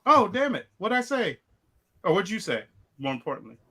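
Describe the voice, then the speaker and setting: A man co-hosting a live talk show, asking questions in a casual, lively way. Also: sits high, moderate pace, slightly rough. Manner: lively, laughs easily, asks questions. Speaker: podcast co-host.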